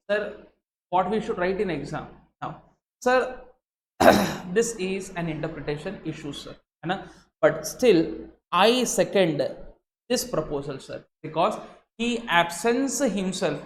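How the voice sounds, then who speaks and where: An Indian English-accented man teaches law to exam candidates, leaning on "sir" and switching his tone to make points. His voice echoes in a roomy space. Faint noise runs underneath. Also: high-pitched. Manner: animated teacher, sprinkles "sir" and Hindi asides, shifts tone for emphasis. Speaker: law lecturer. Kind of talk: recorded exam-prep lecture.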